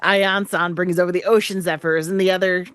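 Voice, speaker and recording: A woman's voice: on the low side, level tone, fairly quick, a bit bright, dry recording, clean studio sound. A woman co-hosting a podcast in a casual chat, recapping a story and laughing often as she acts out quoted lines. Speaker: podcast co-host.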